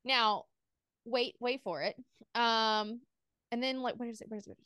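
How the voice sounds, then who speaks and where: A young woman co-hosting a casual book club podcast, rambling excitably with lots of fillers and reading passages aloud. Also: a little high, measured pace, clean tone, no room sound, clean studio sound.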